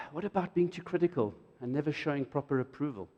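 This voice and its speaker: A middle-aged man, preaching a sermon in an animated way and acting out quotes. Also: fairly quick, dull audio. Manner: animated, jumps to loud high emphasis and acts out quotes. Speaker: pastor. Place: church hall. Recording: reverberant church hall.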